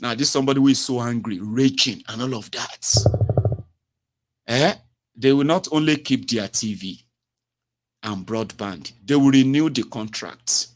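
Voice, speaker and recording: A man's voice: medium pitch, a little slow. Man hosting a call-in show. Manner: expansive, repeats himself, tags lines with "eh?" and "you know". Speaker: radio call-in host. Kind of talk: radio call-in talk. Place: home radio studio.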